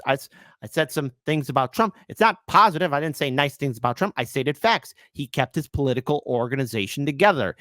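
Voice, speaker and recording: A man's voice: mid-range voice, no echo, clean studio sound. A man hosting a live political commentary stream, sarcastic and talking to his chat. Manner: sarcastic, animated, talks to chat.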